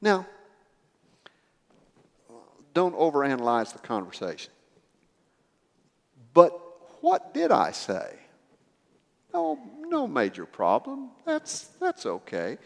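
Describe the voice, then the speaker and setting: A man's voice: on the high side, huge pitch swings, takes it slowly, creaky, long pauses, in a large hall. A man preaching a sermon, telling a story with acted dialogue and building to emphatic swells.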